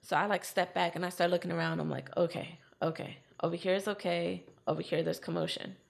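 Gravelly woman retelling a tough night. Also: fairly low pitch, a little fast. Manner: animated retelling, acting out her own quotes. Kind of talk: casual storytelling chat.

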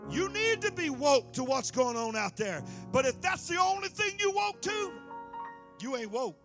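Male pastor, very high pitch, fiery sermon delivery that drops to hushed tones, faint music underneath. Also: sing-song, normal speed. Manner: impassioned preaching, swinging from loud to hushed.

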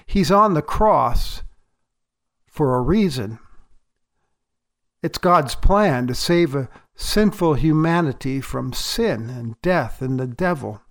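Slow, high-voiced male pastor preaching. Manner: measured, deliberate preaching with emphatic pauses. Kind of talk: sermon.

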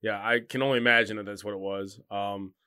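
A young man with a lowish voice and a bright, sharp tone. He talks casually on a podcast, halting and full of fillers. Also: fairly even intonation, smooth. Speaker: podcast co-host. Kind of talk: casual chat.

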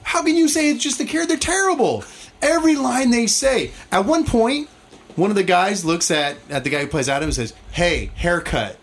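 A man's voice: extremely high pitch, big pitch swings, a little fast. A man in casual podcast chat, ranting with exasperation about a TV show. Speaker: podcast host.

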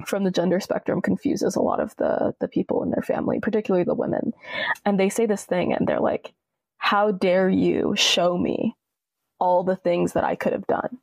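A young woman talking casually and passionately as a podcast guest, with emphatic, expressive delivery. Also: medium pitch, gravelly, no room sound. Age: young adult. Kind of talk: casual conversation.

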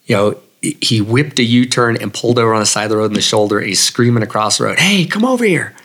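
A man's voice: lowish voice, little pitch movement, fast talker, fairly bright tone. A man, a guest runner, telling personal stories in an interview in a casual, reflective way with many fillers. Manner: reflective, casual, lots of fillers like "you know". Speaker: guest, long-distance runner. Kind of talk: storytelling in an interview.

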